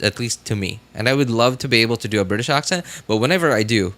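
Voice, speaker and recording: Man, game streamer, casual rambling chat, lots of fillers and restarts, bright forceful voice. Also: mid-range voice, fast talker. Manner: rambling, self-correcting, many fillers and restarts.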